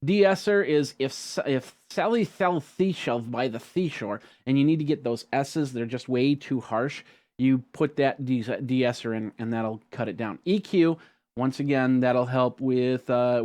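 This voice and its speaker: A man hosting a tech tutorial, talking casually through a software walkthrough with frequent ums and restarts. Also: medium pitch, normal speed. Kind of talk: screen-recorded software tutorial.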